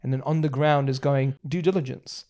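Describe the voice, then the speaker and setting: A man's voice: mid-range voice, fairly even intonation, fairly quick, warm tone. A man, a property agency founder explaining investing on a podcast in emphatic runs of points. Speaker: buyer's agency founder, guest. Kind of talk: fast explanatory podcast talk.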